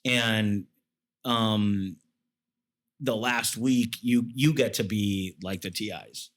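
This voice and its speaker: A man's voice: lowish voice, steady tone, takes it slowly, a bit bright. A man talking as an interview guest, a military veteran telling stories in a rambling way with many fillers and restarts. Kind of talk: casual storytelling.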